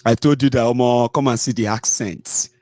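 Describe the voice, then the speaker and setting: A man's voice: medium pitch, steady tone, normal speed, a little mellow, no echo, studio quality. A Nigerian man hosting a casual livestream, chatty, mixing in pidgin and frequent "eh" and "omo". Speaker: host.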